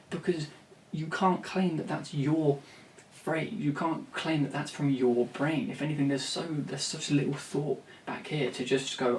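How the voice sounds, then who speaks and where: Here the songwriter's voice is a little high, his intonation fairly even, his pace moderate with hardly any pauses. Talking about songwriting to camera, he is blunt, swears a lot and keeps restarting. The sound is distant and roomy with faint ambience and a little hiss or hum.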